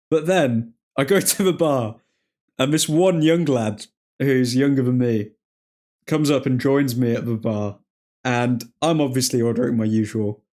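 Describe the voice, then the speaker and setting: A man's voice: mid-range voice, a little mellow. A man with an English accent casually hosting a football watchalong, chatting and reacting to viewer comments. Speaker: livestream host.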